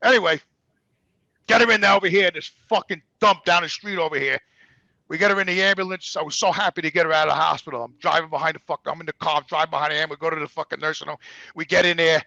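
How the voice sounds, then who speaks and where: A man's voice: fairly high pitch, quick pace, vocal fry, sharp tone, no room sound, dull audio. A man telling a story casually, swearing constantly and acting out the voices of the people in it. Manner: profane, emphatic, acts out quoted voices. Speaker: guest storyteller.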